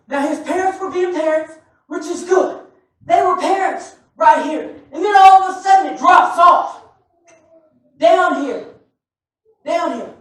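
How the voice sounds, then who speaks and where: A man preaching a sermon, telling stories with laughter and bursting into shouts. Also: very high-pitched. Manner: animated, often shouting, laughing storyteller. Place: church sanctuary. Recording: echoey church from far off.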